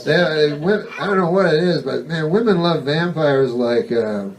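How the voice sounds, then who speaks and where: A male stand-up comedian telling a rambling, deadpan bit full of swearing and digressions. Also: on the high side, moderate pace, distant mic, over a noisy crowd.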